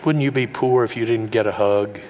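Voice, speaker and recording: Male pastor, folksy earnest sermon, mid-range voice with soaring loud peaks; long hall reverb, faint room hum. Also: mid-range voice, fairly even intonation, a little fast. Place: large room with an audience.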